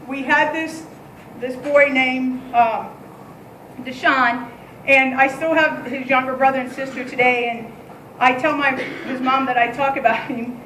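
High-voiced woman telling a camp story. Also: roomy sound, a little hiss or hum, rough recording. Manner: candid, animated storyteller. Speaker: day camp and child care leader. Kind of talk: heartfelt thank-you speech telling a story.

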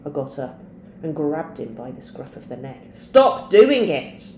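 A woman teacher reading a novel aloud in a steady storytelling voice. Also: rumbling low, normal speed, reverberant, slight background noise.

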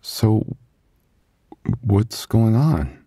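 A man's voice: fairly low pitch, very animated, very slow, mellow, slightly rough, no echo, studio quality, heavily acted. A man voicing a loving young husband in an ASMR boyfriend role-play, stammering and soothing as he apologizes. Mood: puzzled.

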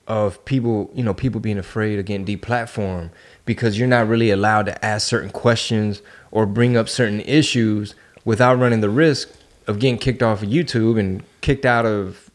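Slangy, animated man. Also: on the low side, moderate pace. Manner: casual, slangy, animated when telling stories. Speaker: podcast host. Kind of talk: casual podcast chat.

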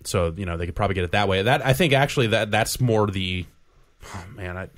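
Very deep-voiced man chatting excitedly. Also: fast talker. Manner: excitable, rambling, laughs often. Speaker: podcast co-host. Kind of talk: casual chat.

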